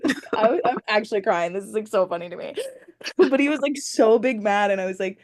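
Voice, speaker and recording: A woman's voice: medium pitch, lively intonation, fairly quick, darkish tone. A young woman co-hosting a podcast, chatting casually and laughing through her words. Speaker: podcast co-host. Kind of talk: casual recap chat.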